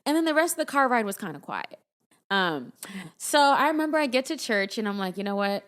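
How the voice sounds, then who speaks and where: A young woman co-hosting a podcast, chatting casually with her husband and laughing often as she tells animated stories. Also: a little high, fairly quick, smooth. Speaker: podcast co-host. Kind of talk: casual chat.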